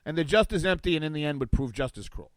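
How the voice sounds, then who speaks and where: Animated high-voiced talk radio man. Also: fast talker, dry recording, low-quality recording. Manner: animated and sarcastic, reading from an article and riffing on it. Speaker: guest radio talk show host. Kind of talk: political talk radio commentary. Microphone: studio microphone.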